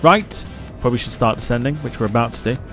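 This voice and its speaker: A man's voice: medium pitch, quick pace, a bit bright, soft background music. A man hosting a live flight-sim stream, chatting casually, swearing freely and reading comments aloud.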